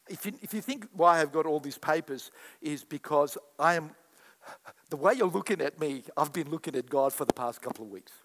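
A man preaching a sermon to a congregation, acting out quoted voices and calling back to the crowd. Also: sits high. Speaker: pastor. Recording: echoey hall with long reverb.

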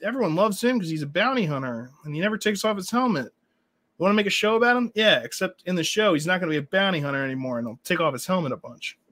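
Sarcastic, animated man in casual chat. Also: high voice, fast. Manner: animated, sarcastic, mocking impressions. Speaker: co-host.

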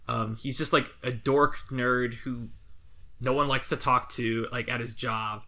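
A man's voice: mid-range voice, fairly even intonation, unhurried, gravelly, pushed and bright. A man co-hosting a casual podcast, rambling through opinions and laughing often. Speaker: podcast co-host.

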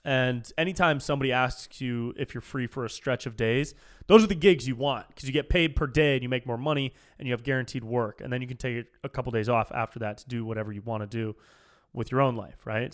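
A man hosting a solo podcast, telling a story in a casual, animated, jokey way. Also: mid-range voice, fairly quick. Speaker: podcast host.

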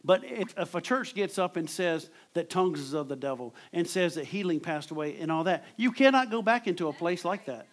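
A man's voice: high voice, expressive, brisk, hardly any pauses. A man preaching a sermon in a conversational way, repeating words as he drives home his points.

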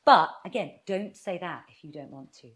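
A woman talking through her advice with a lot of melody in her voice, sitting a little low in pitch. She keeps slipping into quick acted-out bits of dialogue as she explains. It sounds like an easy, friendly interview chat. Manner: animated, acts out little quoted exchanges. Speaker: author and guest.

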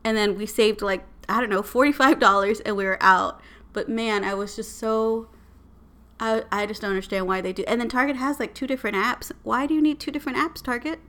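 Bright animated woman. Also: on the high side, brisk. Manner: animated, exasperated storytelling. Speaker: podcast co-host. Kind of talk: casual chat.

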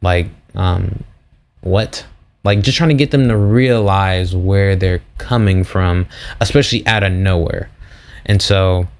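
A young man hosting a faith podcast, telling stories in a casual, slangy, animated way. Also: lowish voice, smooth. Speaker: podcast host. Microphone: podcast mic.

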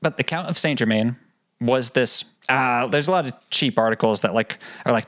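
A man chats loosely on a podcast, restarting his sentences and dropping curses as he goes. His voice sits at a middling pitch and sounds close and dry, with no room echo. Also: moderate pace, a bit bright. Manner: rambling, swears freely, restarts a lot. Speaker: podcast co-host. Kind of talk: casual podcast chat.

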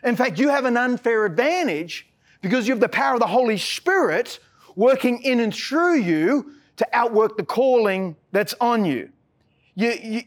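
A high-pitched Australian man preaching a sermon from the pulpit. He talks earnestly and often trips over his words, repeating the start of a phrase before pushing on. He slows right down to stress key lines, then hurries through the next thought. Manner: earnest, frequent stammered restarts. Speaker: pastor.

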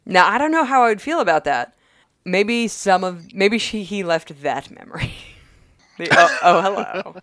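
A woman co-hosting a podcast, recapping an episode in casual chat with wry, quick asides. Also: mid-range voice, animated, a bit bright, dry recording, clean studio sound. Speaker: podcast co-host.

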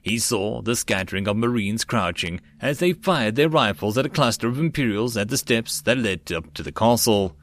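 A man narrating a web novel audiobook in a steady reading voice. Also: fairly low pitch, normal speed, hardly any pauses.

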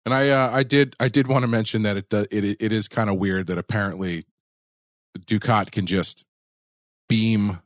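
A male podcast co-host with a low voice, chatting casually about an episode. He stumbles and restarts as he hunts for words, recorded close on a dry mic. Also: steady tone, dry recording. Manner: halting, searches for words, many fillers and restarts. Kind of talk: casual review chat.

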